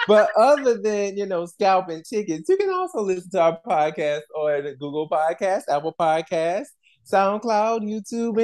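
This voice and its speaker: Man, podcast co-host, casual chat, very lively pitch, laughs a lot, slangy. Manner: animated, laughs often, slangy.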